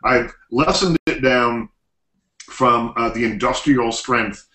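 A man's voice: mid-range voice, slow, sharp tone, roomy sound, rough recording. A man co-hosting a podcast, chatty and rambling with many fillers. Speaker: podcast co-host. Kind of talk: casual chat.

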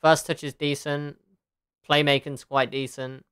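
A woman's voice: low voice, level tone, measured pace, a bit bright, clean tone, dry recording, clean studio sound. A woman game streamer chatting casually, laughing often, swearing and answering her chat.

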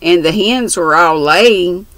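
A woman's voice: on the low side, takes it slowly, fairly bright tone, no echo, low-quality recording. A woman voicing a brash, chatty country orphan girl who talks in bossy, boastful slang.

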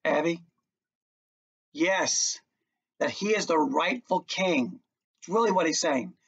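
A man's voice: slow pace, husky. A man teaching a class, talking through a play and acting out its lines with big jumps in his voice. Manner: lively, acts out lines with big pitch jumps. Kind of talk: classroom lecture with dramatic readings. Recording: distant, dull classroom recording.

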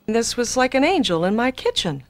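A woman in an archival interview, earnestly recounting an experience in an animated way. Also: fairly high pitch, moderate pace.

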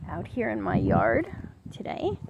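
A woman's voice: mid-range voice, sing-song, a little slow, creaky, highs cut off, background noise. A woman chatting casually to the camera, a parent making a reading video for her young children. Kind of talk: casual chat.

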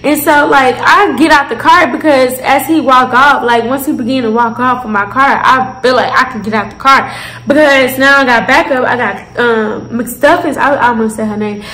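Woman, 20s, high-voiced, animated storyteller addressing viewers; roomy echo. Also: normal speed. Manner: animated, profane, talks straight to viewers. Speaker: vlogger. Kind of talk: casual storytime.

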